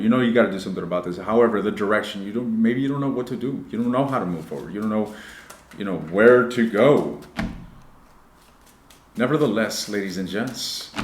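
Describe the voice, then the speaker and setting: A low-voiced man reads tarot for his viewers in an echoey room, with faint noise behind him. He is blunt and swears freely. He moves between throwaway jokes and sincere, motivational advice. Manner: blunt and profane, addresses viewers directly; shifts between joking asides and earnest advice. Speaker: tarot reader. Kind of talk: casual tarot reading to camera. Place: indoor room.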